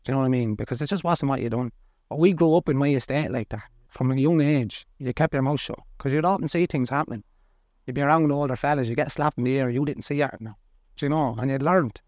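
Middle-aged Irish man, blunt candid storyteller, mid-pitched, dry close mic. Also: a little mellow, no echo. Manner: earnest, blunt, colloquial. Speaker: podcast guest.

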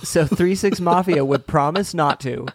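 A man's voice: fairly high pitch, a little slow. A man co-hosting a book podcast, making dry jokes in casual chat and laughing often. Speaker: podcast co-host.

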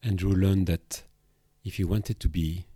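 Low, mellow Belgian-French man, reflective. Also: fairly even intonation, a little slow, husky, dry recording, studio quality. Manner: reflective, with hesitations and restarts. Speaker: therapist. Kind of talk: podcast monologue on emotions.

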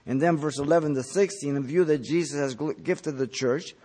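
A man's voice: on the high side, brisk, dark tone. Emphatic man preaching a Bible sermon. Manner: emphatic, rises sharply on key words then drops; teaching, verse-by-verse explanation with asides. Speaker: pastor. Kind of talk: expository sermon.

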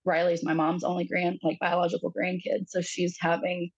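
A woman in her thirties talks through a personal story as a podcast guest. Her voice is husky and sits low, with halting phrasing, frequent fillers and voices put on for quoted family members. The audio is dry and muffled. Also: monotone, dry recording.

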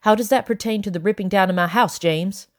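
A woman reading the part of a sly, self-assured wealthy gentleman, smooth and pointed. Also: mid-range voice, brisk, natural voice. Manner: fuming then smug.

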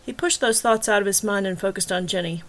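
Woman reading a novel aloud. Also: mid-range voice. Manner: measured, even storytelling. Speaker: author and audiobook narrator. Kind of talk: scripted narration of a serialized novel.

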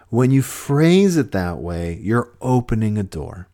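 A man's voice: fairly low pitch, big pitch swings, a little slow, hardly any pauses, mellow. A man hosting a podcast, giving relationship advice in an earnest, conversational way with frequent restarts. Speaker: podcast host.

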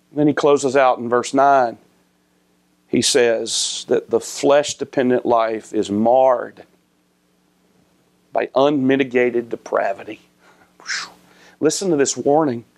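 A male pastor preaching a sermon. His voice climbs high and loud for emphasis, then sinks low and soft. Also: unhurried, pauses often.

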